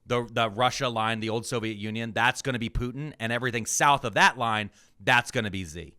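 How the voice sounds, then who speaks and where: A man's voice: mid-range voice, fairly quick, sharp tone, smooth. A man co-hosting a podcast, ranting with profanity in casual news commentary. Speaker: podcast co-host.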